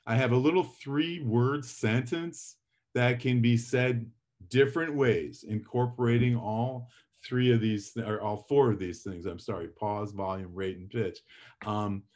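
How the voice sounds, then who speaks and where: A middle-aged man teaching a public speaking class, lecturing with lively shifts in volume and pace to demonstrate his points. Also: mid-range voice, a little slow. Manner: animated, varies volume and pace for effect.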